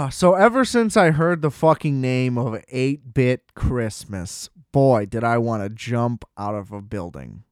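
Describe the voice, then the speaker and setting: A man's voice: mid-range voice, animated, takes it slowly, clear, resonant tone, dry recording, clean studio sound. A man co-hosting a casual movie podcast. He rants with a lot of swearing and laughs at his own complaints. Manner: ranting, profane, laughing at his own gripes. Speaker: podcast co-host.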